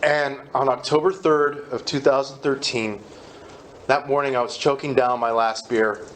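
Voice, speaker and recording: A man's voice: mid-range voice, steady tone, moderate pace, a bit bright, a little hiss or hum. Candid man telling his recovery story. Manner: candid, self-deprecating storytelling with acted-out quotes. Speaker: recovery meeting speaker.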